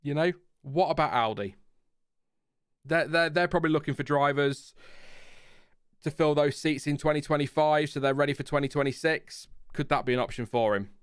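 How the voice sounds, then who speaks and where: A man's voice: fairly high pitch, fairly even intonation, brisk, a bit bright, clear, resonant tone, no echo, studio quality. A man with a Lincolnshire accent hosting a casual live F1 chat stream, rambling and restarting his sentences, chuckling at his own tangents. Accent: Lincolnshire English. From Lincolnshire, England. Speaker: F1 channel host.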